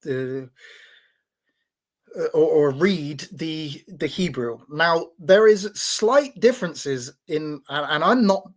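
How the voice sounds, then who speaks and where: A man's voice: fairly high pitch, slow pace. A man in a casual talk, explaining in a teaching tone with many restarts and repeated words, checking in with "right?". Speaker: podcast host.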